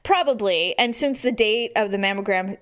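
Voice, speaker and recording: A woman co-hosting a podcast, telling a story in casual chat with animated delivery and casual swearing. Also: medium pitch, normal speed. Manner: animated storyteller, acts out quoted voices; swears freely. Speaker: podcast co-host.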